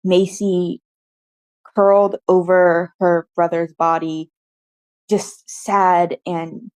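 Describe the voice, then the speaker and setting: A woman's voice: on the low side, a little mellow, no echo. Woman game master, dry close sound. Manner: thoughtful, hedging narration. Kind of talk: narrating a tabletop game.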